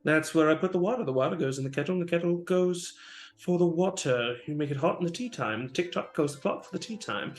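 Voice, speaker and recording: A man's voice: fairly high pitch, fast talker, pitched above the performer's own voice, lightly acted. A man doing a babbling mad dragonborn noble. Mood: unhinged. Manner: sing-song muttering, repeats words, rhymes. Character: unhinged rambling male dragonborn noble, paranoid. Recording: roomy with faint music.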